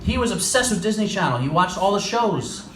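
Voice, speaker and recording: A man's voice: sits high, sing-song, fairly quick, a bit bright, reverberant, distant mic, slight background noise, rough recording. A man in his twenties with a New York accent, performing a stand-up comedy set in a small club and animatedly acting out quoted lines.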